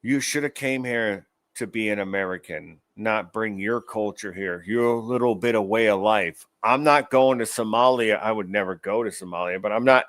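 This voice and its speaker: A man's voice: fairly low pitch, a bit bright, dry recording. A man hosting his own show, giving rambling, profane commentary in a casual ranting manner. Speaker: show host.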